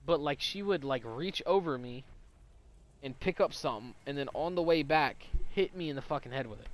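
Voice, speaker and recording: A man's voice: a little high, animated, normal speed. Profane rambling young man. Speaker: storyteller. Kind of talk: casual storytime monologue.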